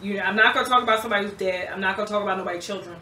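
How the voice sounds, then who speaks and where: Bright-voiced woman, roomy and off-mic. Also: mid-range voice, very fast, distant mic. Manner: animated, laughs often, gets loud telling stories. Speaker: rapper guest. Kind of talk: casual interview storytelling. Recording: roomy echo, off-mic, faint background noise.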